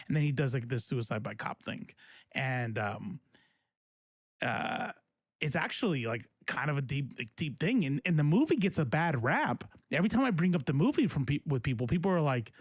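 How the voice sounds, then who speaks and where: A man's voice: a little high, big pitch swings, moderate pace, slightly rough, dry recording, clean studio sound. A man hosting casual political commentary, talking in a rambling, profane way with many fillers and restarts. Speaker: host.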